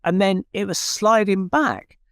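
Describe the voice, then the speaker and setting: A man with a fairly high voice tells his story in a dry, close recording. He talks in an animated storytelling way, with frequent restarts. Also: a little slow, no room sound. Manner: animated anecdote with quoted voices, many restarts. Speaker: paranormal researcher and host. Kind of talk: conversational storytelling.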